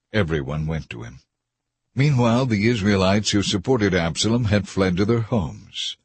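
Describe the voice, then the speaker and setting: A man reading scripture aloud in a measured, even narration. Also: lowish voice, slightly rough, no room sound. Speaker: scripture reader. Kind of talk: scripted Bible reading over music. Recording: soft music bed behind.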